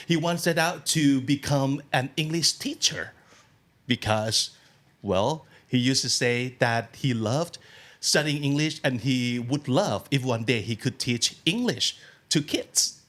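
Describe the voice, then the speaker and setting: Lively, chatty male interview host. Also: medium pitch, unhurried. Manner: chatty, laughs often, lively delivery. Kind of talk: casual interview.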